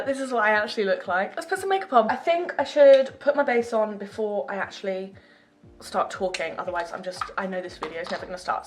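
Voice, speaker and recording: A young woman talks in a chatty, rambling, self-deprecating way. Her pitch sits in an ordinary middle range for a woman. Faint music plays quietly behind her. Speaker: beauty vlogger. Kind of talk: casual chat.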